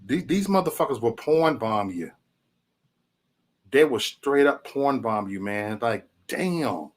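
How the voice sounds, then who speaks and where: A man talks casually on his livestream, rambling from one remark to the next and swearing freely. His pitch swings widely as he goes, and he drops in chuckles and "man" all along. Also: animated, slow. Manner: loose rambling talk, profanity, frequent "man". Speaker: livestream host.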